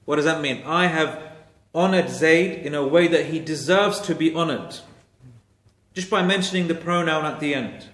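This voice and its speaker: A man's voice: a little high, moderate pace, a bit bright, reverberant. A man teaching a Quran exegesis class, explaining Arabic grammar step by step and repeating key phrases for emphasis.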